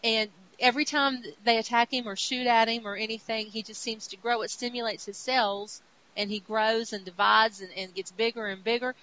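A woman with a voice on the high side speaks at a moderate pace over dull lo-fi audio with faint hiss. Co-hosting a podcast, she casually recaps a comic book in an animated way, acting out its characters' lines.

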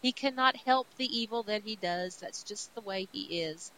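A woman's voice: medium pitch, normal speed, pushed and bright, close to an everyday voice, rough recording. A woman voicing a noble, boastful male thunder god in her own everyday voice while retelling a comic. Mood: earnest. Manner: mildly acted retelling.

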